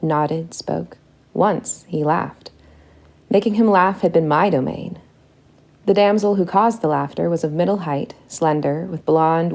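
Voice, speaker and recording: A woman reads a first-person audiobook with a low voice. Her tone is gravelly with vocal fry. She tells the story in a steady, intimate way. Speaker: audiobook narrator.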